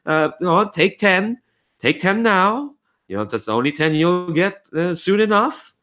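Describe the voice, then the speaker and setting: A man voicing an aged, tall and bony noble elf woman with a high, tired voice, theatrical and bossy. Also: lively intonation, fairly bright tone. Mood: brisk commanding. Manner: gushing, imperious, rapid commands.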